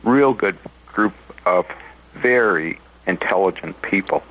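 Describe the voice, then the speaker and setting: A man's voice: low-pitched, takes it slowly. A man calling into a radio show, speaking earnestly and urging listeners on. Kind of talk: casual phone-in chat. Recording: dull lo-fi phone line.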